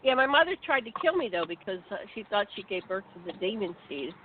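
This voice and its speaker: A woman's voice: medium pitch, big pitch swings, fast talker, a little hiss or hum. A woman hosting an interview, chiming in with supportive comments. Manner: supportive, frequent backchannel. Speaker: host. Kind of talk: casual interview. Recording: distant tinny phone line.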